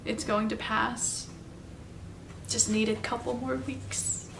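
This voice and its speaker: A young woman telling a personal story in a halting, confessional way, at home. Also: fairly high pitch, level tone, creaky, recorded from a distance. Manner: halting, confessional, soft-spoken. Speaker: vlogger telling her story. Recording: roomy, off-mic, faint background noise.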